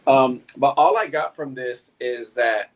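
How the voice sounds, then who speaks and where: A man on a video-call review panel, talking in a measured, critical way. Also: medium pitch, low-quality recording. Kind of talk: casual review chat.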